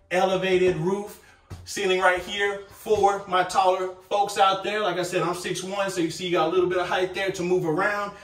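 A man's voice: fairly high pitch, roomy sound, recorded from a distance. A man hosting a casual sales walkthrough of a tiny home, with upbeat salesy patter, talking to viewers as guys. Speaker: tiny home company host. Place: inside a small furnished tiny home.

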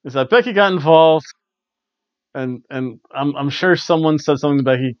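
A man with a slightly high voice talks through a recap in a loose, rambling way, stopping and restarting often. The sound is dull and lo-fi, and the room is dry. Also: moderate pace, dry recording. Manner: rambling, offhand, with many ums and restarts. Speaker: wrestling reviewer, show host. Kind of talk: casual spoken show recap. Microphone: camera recording at home.

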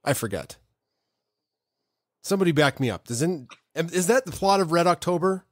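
A man's voice: a little high, expressive, moderate pace, no room sound, studio quality. A man hosting a casual live audio chat, rambling and joking as he goes. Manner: rambling, joking, self-interrupting. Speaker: host.

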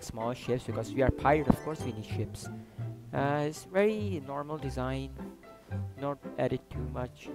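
Excitable man narrating his gameplay. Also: medium pitch, low-quality recording. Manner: excitable, loud outbursts, swears and jokes. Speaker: gaming YouTuber. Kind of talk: casual gameplay commentary.

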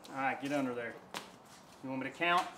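A man's voice: mid-range voice, brisk. A man coaching a lifter in a gym, counting reps aloud and swearing to push him on. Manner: loud counting and swearing encouragement. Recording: echoey gym with faint noise.

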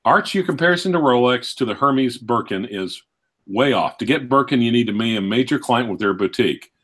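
A man co-hosting a live stream, calmly reading out viewer messages. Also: medium pitch, a little fast. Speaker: co-host. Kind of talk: casual live-stream chat.

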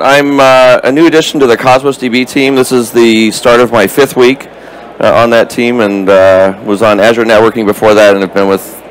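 Hoarse male tech conference presenter. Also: medium pitch, slight background noise, low-quality recording. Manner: casual, many "uh" fillers, clears throat. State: losing his voice, hoarse. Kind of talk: live tech conference talk. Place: conference session room.

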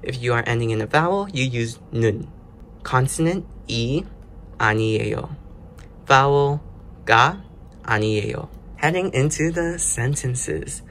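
A man's voice: mid-range voice, expressive, normal speed, fairly bright tone, a little hiss or hum. Chatty man walking through a lesson. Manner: explains step by step, loose and chatty. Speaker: language learner host. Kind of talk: casual self-study lesson.

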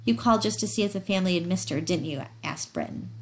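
A woman reads a novel aloud in a steady, dramatic way. Her voice sits a little low and has a gravelly edge. She gives the characters light voices of their own. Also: fast. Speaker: audiobook reader.

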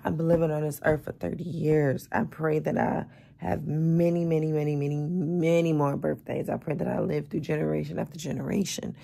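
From her bed, a woman of thirty who just woke up gives a casual, expressive morning vlog chat, calling her audience y'all and baby despite being tired and groggy. Her deep, gravelly voice is warm in tone, brisk in pace and flat in delivery.

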